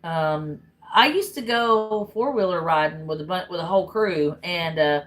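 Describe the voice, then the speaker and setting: A woman's voice: lowish voice, normal speed, low-quality recording. A woman from Tennessee with a Southern accent, chatting bluntly and casually to her livestream viewers and swearing freely. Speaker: livestream host.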